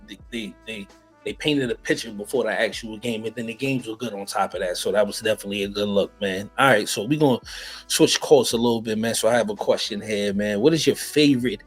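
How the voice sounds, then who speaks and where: A man's voice: fairly low pitch, quick pace, slightly rough, soft background music, rough recording. A man from the Bronx hosting a casual sneaker interview, laid-back, often saying "man" and repeating words. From the Bronx, New York. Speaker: podcast host.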